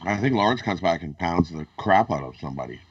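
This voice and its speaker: A man on a sports betting panel giving quick, blunt picks in casual chat. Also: sits low, expressive, slightly rough, no echo. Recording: dry, dull lo-fi sound.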